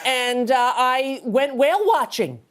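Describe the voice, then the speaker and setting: A woman from the United States, guesting on a talk show and telling animated, quick comic stories with frequent laughter. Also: high-pitched, a crowd in the background. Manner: animated storytelling, laughing often, fast asides. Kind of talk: casual comedic chat. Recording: live studio audience and noise.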